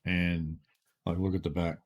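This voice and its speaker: A man's voice: deep voice, level tone, unhurried, darkish tone, slightly rough, dull audio. A man hosting a podcast, chatting in a laid-back, rambling way with lots of "like" and "dude". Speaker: podcast host. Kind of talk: casual chat.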